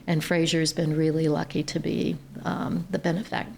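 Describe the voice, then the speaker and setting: Gravelly, earnest woman from Ohio. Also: low-pitched, normal speed, a little hiss or hum. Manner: earnest, animated storyteller. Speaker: guest, nonprofit CEO. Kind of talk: podcast interview, storytelling.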